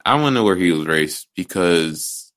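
A man's voice: sits low, expressive, normal speed, fairly bright tone. A man co-hosting a casual movie podcast, talking bluntly and profanely, often restarting his sentences. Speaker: podcast co-host.

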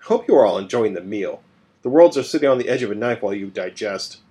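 Hoarse-whispering divine servant, voiced by a man, sardonic, urgent. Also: fairly low pitch, lively intonation, quick pace, mellow, close to an everyday voice.

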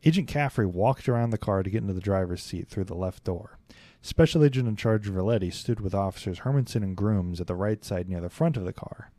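A man's voice: lowish voice, brisk, no room sound. A young man hosting a podcast, reading a historical account aloud and breaking off for casual, laughing asides. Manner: steady read-aloud with laughing, chatty interjections. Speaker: podcast host.

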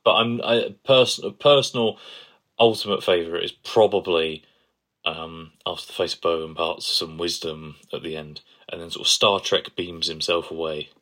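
A man's voice: low-pitched, steady tone, normal speed, fairly bright tone. A man co-hosting a podcast, chatting playfully and enthusiastically. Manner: playful, enthusiastic, gushes over quotes. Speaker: podcast co-host. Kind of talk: casual chat.

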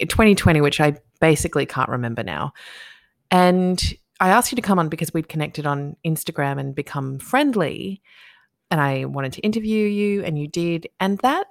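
A woman hosting an interview podcast, talking quietly and chattily with a friend. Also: vocal fry, no room sound, studio quality. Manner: quiet and low, speaking softly at night. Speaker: podcast host. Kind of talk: conversational interview.

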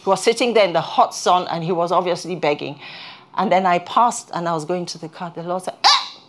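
Earnest woman preaching a sermon. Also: lowish voice. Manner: earnest, halting restarts, rises when stirred. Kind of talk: sermon with personal testimony.

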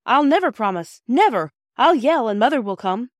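A woman's voice: on the low side, normal speed, no room sound, studio quality, close to an everyday voice. A woman reading aloud, voicing a bossy young boy who teases his sisters. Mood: indignant.

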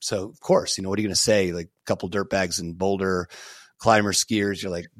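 Low-voiced middle-aged man telling stories. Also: fairly quick, no room sound, studio quality. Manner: animated, lots of "you know" and "like" fillers, casual swearing. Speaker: podcast guest, entrepreneur. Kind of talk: casual storytelling interview.

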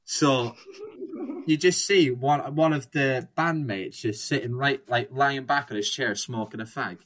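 A man's voice: medium pitch, unhurried, a bit bright. A young man in casual chat, rambling through anecdotes, swearing freely and acting out quotes.

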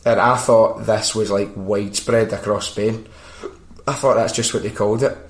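A Scottish man hosts a casual podcast chat, telling animated, sweary stories. His voice sits on the lower side. The recording is roomy, with a noticeable echo. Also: moderate pace. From Scotland. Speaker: podcast host.

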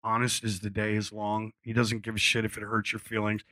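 A man's voice: lowish voice, monotone, a little fast, bright, forceful tone, no echo. A man, a musician guest at a live event, telling casual stories to an audience in a rambling way, full of fillers and restarts, and swearing freely. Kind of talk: casual storytelling on stage.

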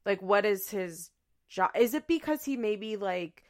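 A woman's voice: medium pitch, expressive, unhurried, a little mellow. A woman, hosting a podcast and chatting candidly on her own, with many fillers and casual swearing. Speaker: podcast host. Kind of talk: casual solo chat.

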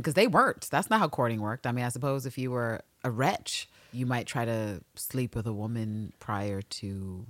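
A low-pitched woman from New York co-hosts a casual podcast. Her voice leaps up and down as she tells stories and puts on voices, swearing freely. The sound is close and dry. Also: dry recording. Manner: profane, animated storytelling, quick to put on voices. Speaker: podcast co-host. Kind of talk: casual chat recapping a TV series.

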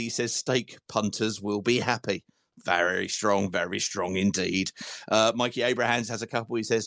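Gravelly-voiced football podcast host. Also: male voice, mid-range voice, dry recording, studio quality. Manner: chatty, self-mocking, sweary banter. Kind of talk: casual football phone-in chat.

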